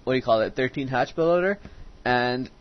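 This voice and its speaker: Rambling, profane teen gamer. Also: male voice, medium pitch, fairly quick. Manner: rambling, profane, easily sidetracked. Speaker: game commentator. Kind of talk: casual gameplay commentary. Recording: dull lo-fi recording.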